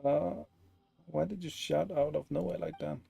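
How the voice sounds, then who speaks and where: A man's voice: fairly high pitch, fairly even intonation, normal speed, creaky, dark tone, slightly rough. A man giving casual gameplay commentary, sarcastic and swearing freely as he plays. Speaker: gaming streamer.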